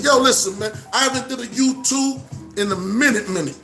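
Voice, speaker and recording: Brooklyn guy vlogging, very high voice, animated shout-outs, music clearly playing behind. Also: fairly quick. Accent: New York, Brooklyn. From Brooklyn, New York. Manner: animated, repetitive shout-outs and street slang. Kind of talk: casual direct-to-camera monologue.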